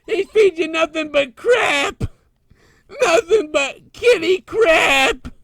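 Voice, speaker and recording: A man's voice: very high-pitched, slow pace, gravelly, bright, forceful tone, no room sound, heavily acted. A man voicing an abused male house cat who wails, sobs and meows between complaints in a comedy podcast bit. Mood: sobbing. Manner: wailing, sobbing, meowing between complaints.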